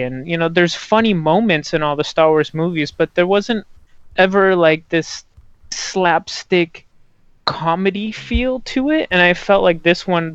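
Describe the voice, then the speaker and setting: A man's voice: a little high, fairly bright tone, clear, resonant tone, no room sound, highs cut off. A man co-hosting a casual podcast chat, blunt and fond of swearing, with many fillers. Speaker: podcast co-host.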